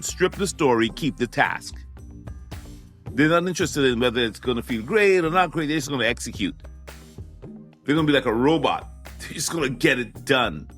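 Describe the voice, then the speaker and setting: A man hosting a motivational talk, emphatic and animated, repeating his key phrases for the listener. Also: medium pitch, moderate pace, soft background music. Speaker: podcast host.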